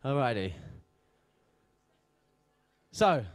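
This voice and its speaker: A man's voice: mid-range voice, very animated, very slow. A man emceeing a live beatbox event on stage, chatty and joking as he hypes the crowd. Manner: hyping the crowd, chatty and jokey. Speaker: event host.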